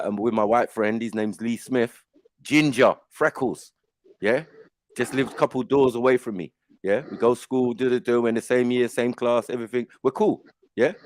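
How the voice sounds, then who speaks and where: A man's voice: medium pitch, no echo. A middle-aged man, telling stories in casual panel chat and acting out the voices he quotes. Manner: animated storytelling, acts out voices in quotes. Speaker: panel host.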